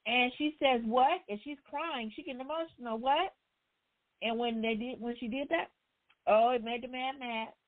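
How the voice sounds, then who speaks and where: A woman's voice: a little high, moderate pace. A woman hosting a book discussion, casually retelling a story in with loose, conversational phrasing. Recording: tinny phone line.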